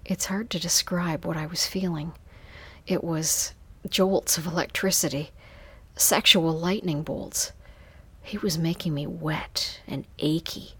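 A woman narrating an intimate first-person story in a soft, hushed voice. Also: low voice, steady tone, slow, breathy edge, no echo.

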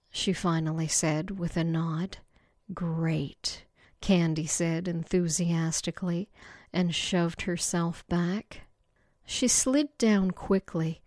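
Woman narrator, read-aloud story, soft breathy delivery, slow pace, slightly low voice. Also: dry recording, clean studio sound.

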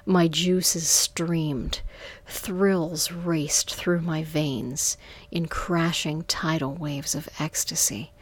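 Woman narrator for an erotic story, soft half-whisper, very slow, lowish voice, dry close sound. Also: fairly even intonation, no room sound.

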